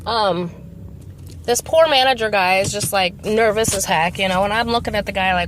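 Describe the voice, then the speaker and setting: A young woman chatting while driving, telling a rambling, animated story as a vlogger. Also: medium pitch, fairly quick. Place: inside a car. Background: faint car noise.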